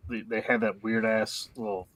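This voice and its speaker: A man joining a casual online chat, speaking in a hesitant, halting way. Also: lowish voice, little pitch movement, fairly bright tone.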